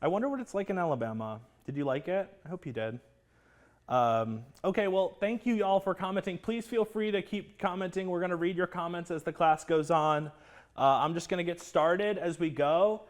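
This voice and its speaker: A man hosts a live cooking class, his voice sitting a bit high. He is chatty and excitable, greeting viewers by name and riffing between steps. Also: moderate pace.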